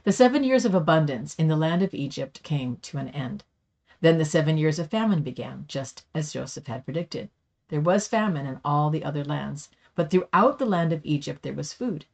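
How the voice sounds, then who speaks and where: Low-voiced woman reading scripture. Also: moderate pace, gravelly. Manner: steady reading with small slips. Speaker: Bible study reader.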